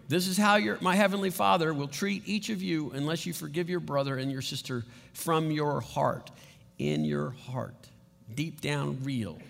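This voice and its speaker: A man preaches as pastor with a high, creaky, fairly bright voice, chatting with the congregation and often asking "right?" to keep them with him. The church sanctuary lends the recording a long, echoing reverb.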